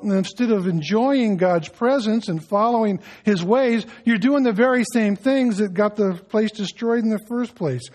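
Guy preaching a sermon, fairly high voice, gets loud then drops way soft, folksy jokey asides. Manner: preaching with big swings from loud emphasis to soft, hushed appeals; folksy asides and light humor. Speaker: pastor.

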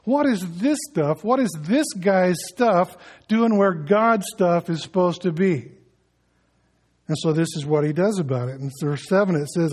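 A man's voice: high-pitched, expressive, a little slow, a little mellow, breathy edge. A man preaching a sermon in a conversational way, acting out little scenes as he goes. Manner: conversational preaching with acted-out asides. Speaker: pastor.

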